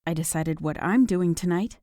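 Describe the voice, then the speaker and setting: A woman voicing an earnest, determined young heroine in an audiobook, in a fairly low voice recorded very dry. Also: moderate pace, mellow, no room sound, lightly acted. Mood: firm. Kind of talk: audiobook dialogue.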